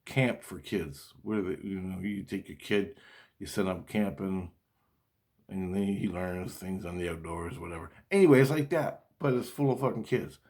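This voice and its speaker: A man's voice: low-pitched, moderate pace, darkish tone. A man in a rambling personal monologue, agitated and swearing constantly as he talks. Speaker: vlogger.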